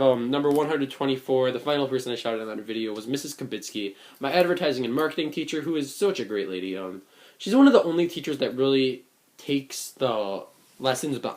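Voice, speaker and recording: A man's voice: medium pitch, animated, fairly quick. A young man in his late teens talks in a casual reflective vlog. He sounds earnest and rambling, with many fillers and restarts. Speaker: vlogger.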